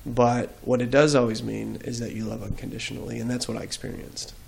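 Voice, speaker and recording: A man speaks as a guest in an interview. He talks earnestly and reflectively, with a mid-pitched voice, recorded on a studio mic. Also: level tone, brisk, vocal fry, darkish tone, a little hiss or hum. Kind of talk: faith interview storytelling.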